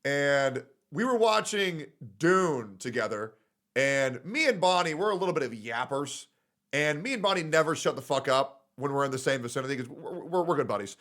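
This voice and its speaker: A man streaming live, ranting loudly and profanely, swinging between shouts and low mutters. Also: lively intonation, moderate pace. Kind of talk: ranting casual chat.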